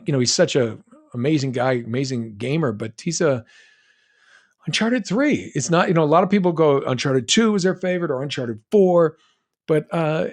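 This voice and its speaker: A middle-aged man from New England chatting casually on a live stream, reading fan comments and rambling with frequent restarts. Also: on the high side. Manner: rambling, self-interrupting, reads fan comments aloud. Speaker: voice actor answering fan questions on a live stream.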